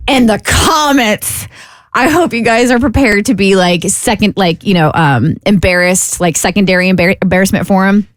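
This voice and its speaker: A woman's voice: mid-range voice, moderate pace, dry recording, clean studio sound. A woman co-hosting a radio talk show, reading out listener stories in casual chat and laughing often. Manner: animated storyteller, laughs often.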